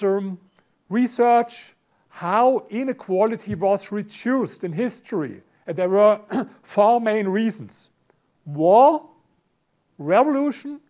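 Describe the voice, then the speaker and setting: German-accented man lecturing, high voice. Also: a little mellow. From Germany, Berlin. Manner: halting, repeats words and clears his throat often. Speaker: conference speaker. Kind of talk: lecture to a live audience. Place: conference hall.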